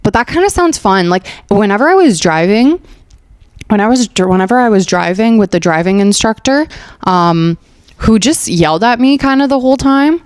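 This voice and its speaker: A young woman from Afghanistan hosts a comedic podcast, chatty and sarcastic, with many "like"s and frequent laughs. Her voice is mid-pitched for a woman. It is recorded close and dry at home. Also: animated, normal speed, dry recording. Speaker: podcast host.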